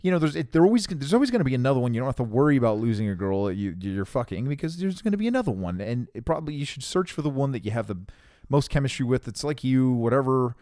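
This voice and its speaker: With a mid-range, darkish voice that swings widely in pitch, a young podcast co-host talks quickly on a dry, studio-quality recording. His story rambles through casual conversation, full of swearing and restarted sentences.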